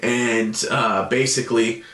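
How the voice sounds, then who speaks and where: A man's voice: mid-range voice, flat delivery, takes it slowly, a bit bright, roomy sound. A man casually recapping a cartoon episode in a loose, rambling way. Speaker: show reviewer.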